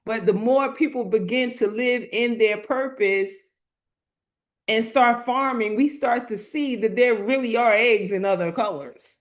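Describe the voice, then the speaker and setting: Slow, emphatic woman preaching to a live chat. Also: fairly high pitch. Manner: slow, emphatic, repeats phrases, colloquial, calls out chat. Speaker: motivational speaker. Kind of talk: preaching to an online live audience.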